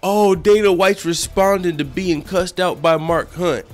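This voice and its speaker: A man's voice: high voice, unhurried, soft background music. A man hosting a casual MMA news channel, cursing a lot and laughing often as he talks. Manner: profane, laughs often, excitable. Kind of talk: casual commentary vlog.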